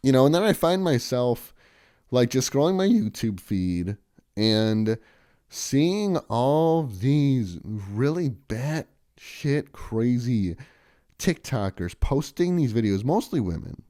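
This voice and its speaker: A man's voice: very animated, slow, mellow, no echo, clean studio sound. A man vlogging in a casual, rambling monologue, chatty and sarcastic. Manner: chatty, sarcastic, mocks others in shrill impressions.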